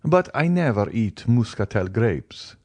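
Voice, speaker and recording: A man reads the part of a reserved, guarded count, a nobleman who replies with cool, formal politeness. His voice is lowish and a little slow, with a darkish tone, big pitch swings, and no echo, and his manner stays formal and restrained.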